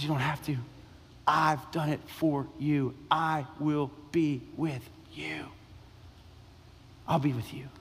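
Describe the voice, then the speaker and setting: A man preaching in a high, ringing voice, building his points through repeated phrases and long pauses. His sermon carries the long reverb of a large church sanctuary. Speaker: pastor.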